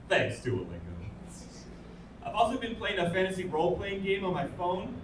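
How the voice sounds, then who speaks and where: A man's voice: sits high, very animated, moderate pace, noisy background. A man, doing a stand-up comedy set with dry, self-deprecating punchlines. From England. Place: comedy club stage. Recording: roomy club sound from a distance. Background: audience laughter.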